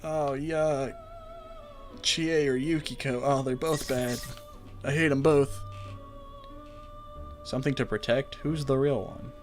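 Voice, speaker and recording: A man narrating a game playthrough, reading the story text in a relaxed, mid-pitched voice. He drops into dry, joking side comments between the lines. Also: slow, long pauses, soft background music. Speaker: let's play host.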